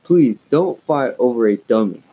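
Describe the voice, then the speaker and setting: A man's voice: medium pitch, expressive, moderate pace, warm tone, slightly rough, highs cut off. A man doing a stern, weary dad. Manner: firm, scolding. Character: stern, tired middle-aged father.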